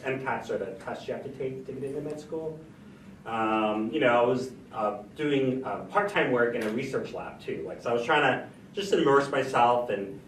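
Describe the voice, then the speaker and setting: A man's voice: mid-range voice, slight background noise. A man telling a personal story as a panelist at a college event, acting out the dialogue as he goes. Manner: animated, acts out quoted dialogue. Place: college hall. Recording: roomy and far from the mic.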